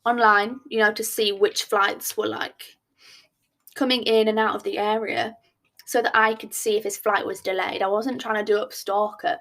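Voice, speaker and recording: A woman, hosting a podcast and telling a story in a chatty, expressive, self-mocking way. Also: medium pitch, moderate pace. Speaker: podcast host. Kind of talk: casual storytime chat.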